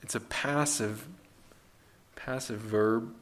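A man's voice: mid-range voice, fairly even intonation, a little slow, a bit bright. A man preaching a sermon in an earnest, conversational way, with rhetorical questions and frequent restarts.

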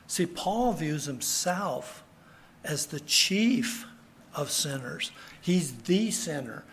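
Slow, earnest male preacher. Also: fairly high pitch, expressive, fairly bright tone, slight background noise. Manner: slow, earnest, repeats key phrases. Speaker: pastor. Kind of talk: sermon.

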